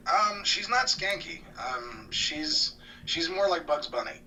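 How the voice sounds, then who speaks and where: A man guest talking casually about cartoons, rambling and restarting, often trailing off quieter. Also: fairly high pitch, animated, takes it slowly. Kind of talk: casual interview chat. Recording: distant mic with faint noise.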